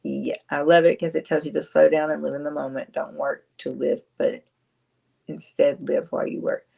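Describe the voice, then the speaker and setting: A woman's voice: low voice, little pitch movement, normal speed, creaky, dark tone, husky. A woman, chatting casually on a livestream, rambling, answering viewers and laughing often. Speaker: livestream host.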